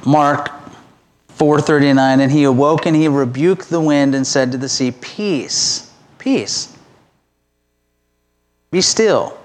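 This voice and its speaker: A man's voice: medium pitch, level tone, moderate pace, darkish tone. A middle-aged man giving a conversational, self-deprecating sermon as pastor.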